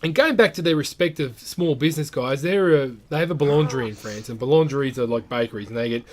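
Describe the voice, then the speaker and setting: A man's voice: medium pitch, fast. A man with an Australian accent chatting casually about travel while commenting on his gameplay, rambling and often calling the viewers guys. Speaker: gaming channel host.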